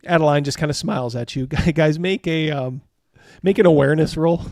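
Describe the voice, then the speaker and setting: A man's voice: fairly high pitch, brisk, creaky, a little mellow, dry recording, studio quality. A man narrating as game master, rambling with many fillers and chuckles.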